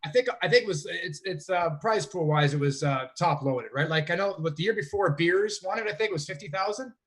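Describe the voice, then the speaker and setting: A man from Canada talks through his story in a relaxed, rambling way, often correcting himself mid-sentence. His voice sits a little higher than most men's. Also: a little fast. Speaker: guest, fantasy sports player. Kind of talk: casual interview chat.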